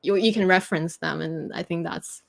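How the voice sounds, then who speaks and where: A woman's voice: on the low side, fairly even intonation, moderate pace, gravelly. A woman whose first language is French, patiently teaching pronunciation in a casual livestream chat. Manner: patient, explains at length with restarts.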